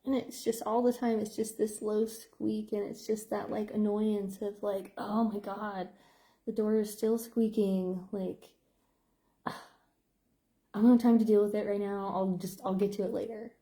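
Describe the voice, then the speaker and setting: A woman's voice: level tone, normal speed, warm tone. A middle-aged woman, a psychotherapist, talking in a rambling stream-of-consciousness monologue full of fillers. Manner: rambling, filler-heavy, with playful squeak sound effects. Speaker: psychotherapist and behavior analyst.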